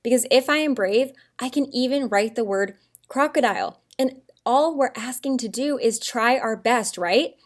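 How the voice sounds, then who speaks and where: A woman teaching a first grade writing lesson, upbeat and encouraging, calling the children friends and sounding words out slowly syllable by syllable. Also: fairly high pitch.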